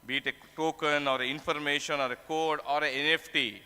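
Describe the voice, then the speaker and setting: Bright-voiced man lecturing in a reverberant hall. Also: on the high side, steady tone, a little fast, smooth. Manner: explanatory, asks and answers his own questions. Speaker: tax conference speaker. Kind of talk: conference lecture. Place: conference hall.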